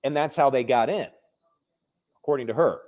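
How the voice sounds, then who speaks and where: A real estate investor recounting a personal story in a casual, conversational way, full of restarts and fillers. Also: male voice, mid-range voice, normal speed, darkish tone.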